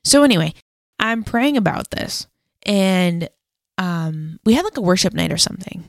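Gravelly, low-voiced chatty podcast woman. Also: animated, normal speed, no echo, studio quality. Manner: chatty storytelling with frequent "like" and self-deprecating laughs. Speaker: podcast co-host. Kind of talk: casual faith conversation.

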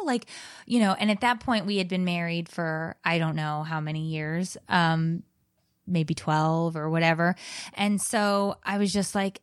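Woman, 30s, guest telling a frank personal story, fairly low voice, dry close sound. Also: unhurried, smooth, no room sound. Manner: frank, animated, many restarts. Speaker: podcast guest, blogger and author.

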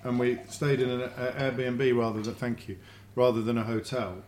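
A middle-aged man tells stories at a dinner table, restarting phrases as he gathers his thoughts. His voice sits at an ordinary male pitch, with a faint hiss of room noise behind him. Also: little pitch movement, moderate pace, darkish tone. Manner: storytelling, repeats words when thinking. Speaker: guest. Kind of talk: casual dinner-table chat. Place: home dining room.

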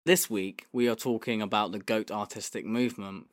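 Blunt, sweary podcast host. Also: male voice, fairly low pitch, steady tone, normal speed, dry recording, studio quality. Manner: blunt, sweary, jokey banter. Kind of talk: casual chat.

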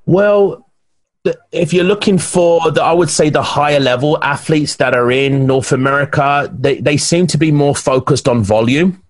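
Animated English bodybuilder telling stories. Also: male voice, on the high side, moderate pace, dry recording. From England. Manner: animated storyteller, many restarts. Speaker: guest, pro bodybuilder. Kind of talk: casual podcast interview.

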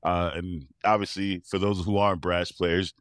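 A man's voice: low-pitched, moderate pace, no room sound, clean studio sound. A middle-aged man, a professional tuba player, telling personal stories in a casual interview, acting out quoted voices and laughing often. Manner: animated storyteller who acts out quoted voices and laughs often.

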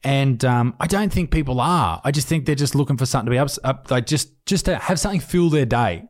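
A man's voice: mid-range voice, lively intonation, fast. Rambling, swearing man. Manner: rambling, profane, self-interrupting. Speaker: podcast co-host. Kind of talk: casual podcast chat. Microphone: podcast microphone.

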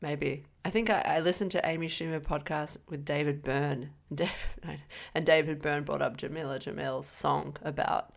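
A woman's voice: low voice, fairly even intonation, moderate pace, creaky, few pauses. A woman co-hosting a podcast, chatting casually, hesitant and stumbling over names. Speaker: podcast co-host. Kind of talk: casual chat.

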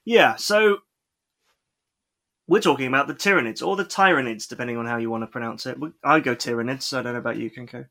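A man's voice: mid-range voice, quick pace, gravelly, long pauses, fairly bright tone. A man co-hosting a podcast, chatting casually with many fillers and restarts into a podcast microphone. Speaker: podcast co-host.

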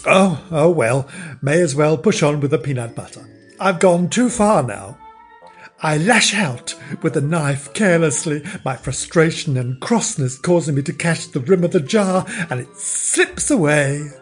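Lively, unhurried man spinning a comic tale. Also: fairly high pitch, faint music behind. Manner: wry, theatrical, mock-indignant. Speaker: podcast host. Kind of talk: comic storytelling narration.

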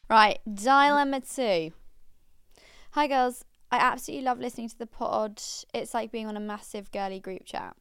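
A woman's voice: on the high side, moderate pace, a bit bright, clean tone, soft background music. A young woman co-hosting a podcast, chatting casually and reading out listener letters in a gushing, laugh-prone way. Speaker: podcast co-host.

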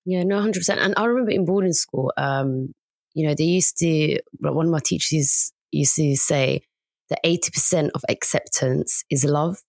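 A woman chats casually, chiming in supportively and now and then exclaiming with animation. Her voice sits low for a woman. The recording is close and dry. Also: normal speed, darkish tone, no echo. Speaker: podcast co-host. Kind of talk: casual chat.

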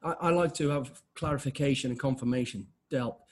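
A man in his fifties, an interview guest telling blunt, animated stories full of restarts and acted-out dialogue. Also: medium pitch, a little fast, breathy edge. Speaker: interview guest, former special forces soldier. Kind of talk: casual conversational storytelling.

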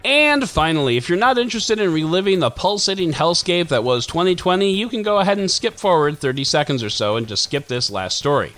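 A man in his forties runs through tech headlines on his podcast, his voice sitting slightly high and swinging widely in pitch. He reads a script but keeps it playful, with puns and self-mocking asides. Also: big pitch swings, a little fast, few pauses, a bit bright, faint music behind. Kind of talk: scripted news roundup with jokes.

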